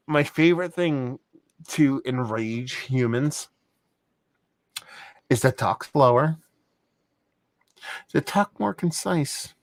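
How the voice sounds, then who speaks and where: A man co-hosting a podcast in casual chat, animated and profane, swinging between loud and soft. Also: a little high, no echo. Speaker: podcast co-host.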